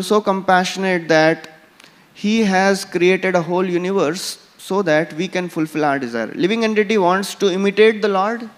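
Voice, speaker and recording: A man with an Indian English accent giving a scripture class and telling stories, with frequent "you know" fillers. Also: sits high. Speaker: temple lecturer. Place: large temple hall. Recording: temple hall with long reverb.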